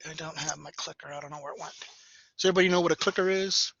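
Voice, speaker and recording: A man's voice: on the high side, fairly even intonation, racing, gravelly, bright, forceful tone, no room sound. A man giving a classroom lecture in a conversational way, often checking in with "right?". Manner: conversational, tags sentences with "right?". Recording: dull lecture recording.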